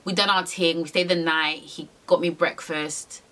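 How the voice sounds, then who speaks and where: A woman's voice: deep voice, steady tone, normal speed, a bit bright. A young woman telling a frank, rambling storytime to camera, swearing freely and using lots of slang. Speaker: vlogger.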